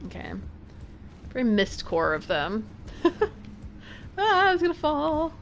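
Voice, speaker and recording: A woman's voice: high-pitched, very animated, slow, slight background noise. A woman streamer chatting casually while playing a video game at home and talking to her cat. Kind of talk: casual gameplay commentary. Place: home room.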